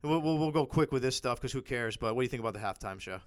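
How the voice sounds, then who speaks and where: A man's voice: medium pitch, lively intonation, very fast, no echo, studio quality. A man in his thirties co-hosting a casual sports podcast, joking and rambling as he teases his friend. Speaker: podcast co-host.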